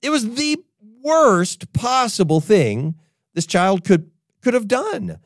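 An older man preaching a sermon, telling a personal story in an animated way and acting out what people say. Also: high voice, takes it slowly, no echo, studio quality. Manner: animated storyteller, acts out quotes. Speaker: pastor.

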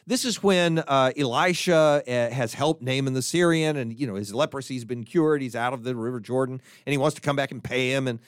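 A man's voice: mid-range voice, a little fast, hardly any pauses, clean tone, no room sound, studio quality. A man teaching a Bible lesson, thinking aloud and often repeating words as he searches for the next one. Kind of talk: teaching talk to listeners.

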